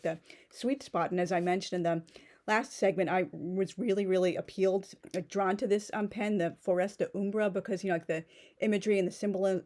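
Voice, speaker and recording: A woman's voice: fairly low pitch, a little mellow. A woman in her thirties chatting casually through an unboxing, rambling with many fillers and restarts. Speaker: pen vlogger.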